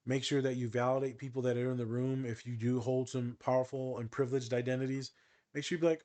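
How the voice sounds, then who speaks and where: A man's voice: mid-range voice, fast talker. Easygoing man chatting on a podcast. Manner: animated, joking, sarcastic asides. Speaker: podcast co-host. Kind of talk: casual chat.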